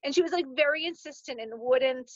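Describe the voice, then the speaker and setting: A woman's voice: high voice, brisk, no echo. A woman in casual chat, talkative with many fillers, laughing easily. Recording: dull lo-fi dry sound.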